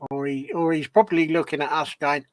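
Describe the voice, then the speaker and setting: A man co-hosting a casual model-building chat, chatty and quick to agree and laugh. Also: on the high side, steady tone, no room sound. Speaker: co-host.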